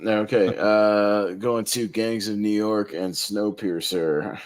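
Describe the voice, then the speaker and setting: A man's voice: lowish voice, steady tone, slow. A man hosting a casual podcast movie bracket, easygoing and laughing often as he calls on each panelist. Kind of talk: casual group chat.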